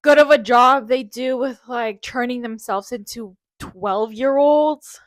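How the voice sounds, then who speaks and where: Young woman cohost, slow easy talk, bit high, dry sound. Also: dry recording. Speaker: podcast co-host. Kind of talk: casual chat.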